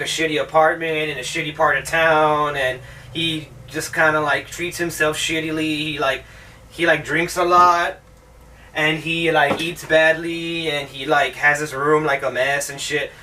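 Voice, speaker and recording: A man's voice: on the high side, pushed and bright, distant mic. A man reviewing a movie in a casual, rambling, sarcastic way, heavy on swearing. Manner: profane, rambling, sarcastic, with mocking put-on voices.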